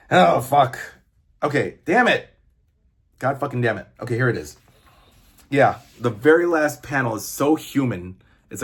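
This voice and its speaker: A man's voice: mid-range voice, breathy edge. A man in his fifties, a comic book reviewer, chatting casually and enthusiastically, rambling and swearing now and then. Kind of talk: casual chat.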